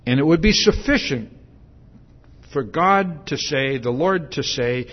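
Slow, conversational male preacher. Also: a little high, expressive, muffled recording. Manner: conversational, with many fillers and restarts; asks the congregation questions. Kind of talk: sermon.

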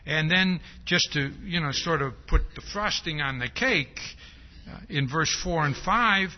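A man preaching a sermon, stressing his points with a repeated "see?" and acting out quoted lines. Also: high voice. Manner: frequent rhetorical "see?"; emphatic, acts out quoted speech. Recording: dull lo-fi recording.

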